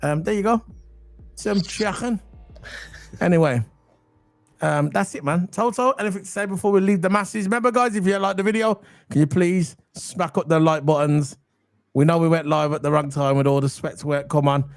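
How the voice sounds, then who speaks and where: A man co-hosting a casual football podcast, excitable and chatty, full of slang. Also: fairly high pitch, brisk, dry recording. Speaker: podcast co-host.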